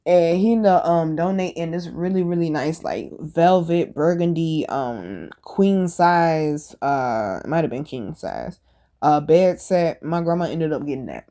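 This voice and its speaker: A woman hosting a podcast, telling stories in a casual, animated and blunt way, full of slang and swearing. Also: fairly low pitch. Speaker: podcast host. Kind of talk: casual storytelling monologue.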